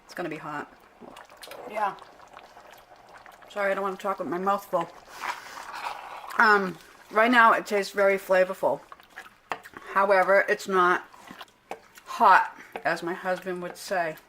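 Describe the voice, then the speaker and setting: A woman's voice: medium pitch, moderate pace, noisy background. Chatty woman cooking in her kitchen. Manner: chatty and unpolished, restarts and corrects herself. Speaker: home cook vlogger. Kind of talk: casual cooking demonstration. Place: home kitchen. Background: clinking pots, pans and cutlery.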